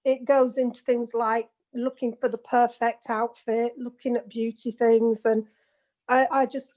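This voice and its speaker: A woman's voice: fairly high pitch, level tone, a little slow, a little mellow. A woman from England chatting on an online meeting call, a giggly storyteller. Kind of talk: casual video call chat. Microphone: video call.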